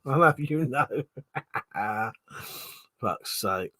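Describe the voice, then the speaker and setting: A man's voice: mid-range voice, animated, extremely slow, pushed and bright, no room sound. A man from Buckinghamshire, hosting a livestream in casual chat, reading out viewer comments, laughing often and swearing freely. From Buckinghamshire, England. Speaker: livestream host.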